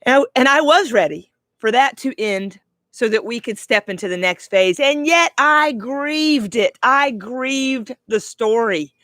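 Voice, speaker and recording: A middle-aged woman life coach giving a heartfelt, reflective monologue, slowing down for emphasis. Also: a little high, animated, a bit bright, no room sound. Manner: heartfelt, slow and emphatic in places. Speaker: life coach, podcast host.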